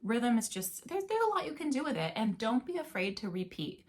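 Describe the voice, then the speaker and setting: A woman's voice: a little high, very animated, a little fast. Upbeat woman music teacher. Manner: chatty and upbeat, chanting rhythm words. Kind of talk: casual video lesson.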